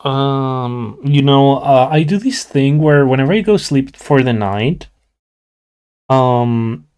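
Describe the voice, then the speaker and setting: A young man streamer talks in a relaxed, mellow voice at a middle pitch. He sounds tired and drowsy, and his casual chat wanders with many fillers and restarts. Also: takes it slowly, clean tone. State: sleepy, yawning. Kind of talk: casual chat with live chat while drawing.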